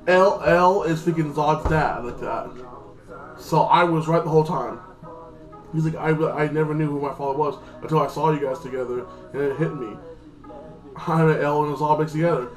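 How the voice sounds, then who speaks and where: Guy rambling thru a tv episode recap, swears a lot, lots of ums, echoey room w music going. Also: fairly high pitch. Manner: rambling, crude, heavy fillers. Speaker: TV episode reviewer. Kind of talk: casual recap review.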